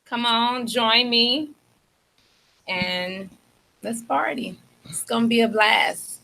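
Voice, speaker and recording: A woman's voice: on the high side, takes it slowly, gravelly, bright, forceful tone, slight background noise, poor audio. A woman from Chicago in her thirties, co-hosting a radio show and promoting an event in an upbeat, inviting way. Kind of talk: casual radio chat. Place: radio studio.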